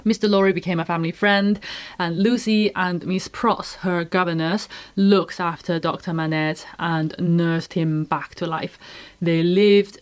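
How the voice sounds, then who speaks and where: A woman with a somewhat low voice explains a classic novel at an easy pace. She talks it through thoughtfully and stops now and then to qualify her views. The tone is relaxed and explanatory. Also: a little slow, clean tone. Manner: thoughtful, explanatory, with careful disclaimers. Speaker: book reviewer. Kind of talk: casual book discussion.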